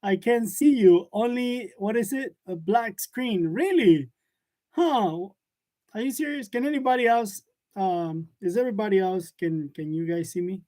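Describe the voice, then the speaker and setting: Man, high voice, casual live-stream host, chatty, laughs a lot, lapel mic. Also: unhurried, dark tone. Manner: chatty, laughs often, loose and joking. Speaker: live-stream host of a print shop channel. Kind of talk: casual live chat, reading comments aloud. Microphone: wireless lavalier.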